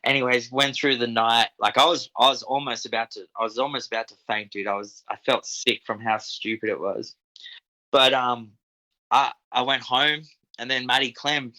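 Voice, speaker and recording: Laid-back Australian man, bright voice. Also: medium pitch, low-quality recording. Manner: laid-back, swears often, frequent "dude" and "man". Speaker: podcast guest, equipment operator. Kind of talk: casual storytelling.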